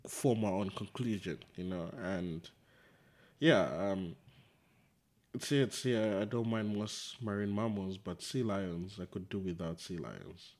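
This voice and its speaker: A man's voice: low voice, unhurried, a little mellow. Rambling man in casual book chat. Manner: rambling, retells a comic with quoted voices, laughs. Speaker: podcast co-host discussing a book. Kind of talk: casual discussion.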